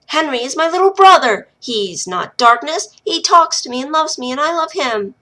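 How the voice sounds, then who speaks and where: A woman's voice: high-pitched, lively intonation, normal speed, sharp tone, voice pushed up. A woman voicing a stubborn young girl, defiant and emotional, who is fiercely protective of her little brother.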